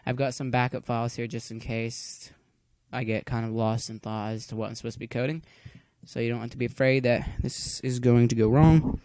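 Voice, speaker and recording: A man talks through a coding tutorial from home at a middle pitch. He is easygoing and rambling and fills the waits with groan-worthy jokes. His voice is recorded close and dry. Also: steady tone, brisk, darkish tone, no echo. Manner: chatty, cracks corny jokes while waiting. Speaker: tutorial maker.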